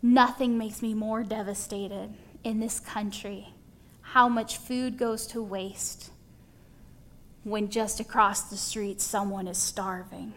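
A woman preaching a conversational sermon, folksy and animated, acting out little dialogues as she talks. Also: mid-range voice, takes it slowly.

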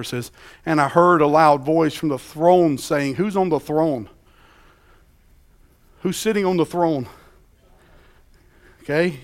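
Pastor, male, gravelly voice, dynamic sermon delivery from loud to hushed. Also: on the high side. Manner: dynamic preaching, swinging from loud emphasis to hushed quiet.

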